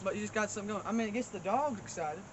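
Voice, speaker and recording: Man, high voice, folksy deadpan comic host, loud noise behind. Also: very fast. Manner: rambling, folksy, mock-boastful. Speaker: comedy show host. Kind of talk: deadpan comedic monologue. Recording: loud outdoor background noise.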